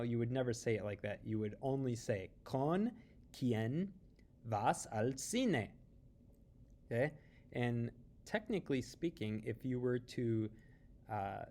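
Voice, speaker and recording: A man teaching Spanish grammar in English, patiently explaining and slowly repeating example questions. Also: medium pitch, vocal fry, mellow. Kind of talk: tutorial explanation.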